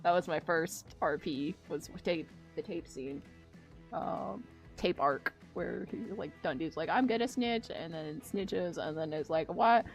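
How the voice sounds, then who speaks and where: A woman's voice: low-pitched, measured pace, soft background music. A woman streaming her drawing, chatting in a rambling, casual way with plenty of swearing. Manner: rambling, profane, animated storytelling. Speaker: streaming artist. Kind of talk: casual chat while drawing.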